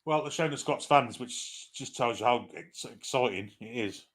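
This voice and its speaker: A man's voice: mid-range voice, normal speed, fairly bright tone. A man giving live fan commentary on a football match, irreverent, swearing freely and reading out viewer comments.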